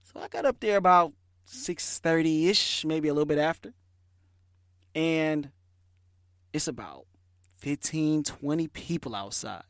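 A man, hosting a podcast and telling a lively, slangy story in a casual way. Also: on the high side, a little slow, long pauses, no echo, studio quality. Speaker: podcast host.

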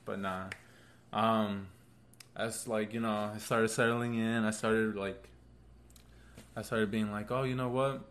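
A young man telling a story on a casual podcast chat, relaxed and loose, with lots of fillers. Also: on the low side, takes it slowly, pauses often. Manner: laid-back storytelling with frequent fillers. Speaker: podcast co-host.

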